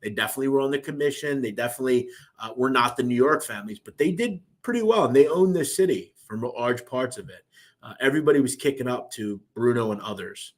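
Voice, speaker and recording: A young Philadelphia host, from Philadelphia, USA, with the local accent, reads out viewer comments on a casual live-stream. He rambles loosely with plenty of fillers, speaking fast and animatedly in a mid-range voice.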